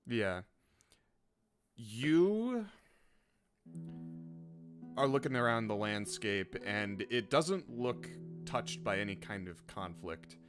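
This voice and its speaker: A young man narrating a tabletop game as game master, relaxed and rambling, laughing often. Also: fairly low pitch, slow, pauses often. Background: background guitar music.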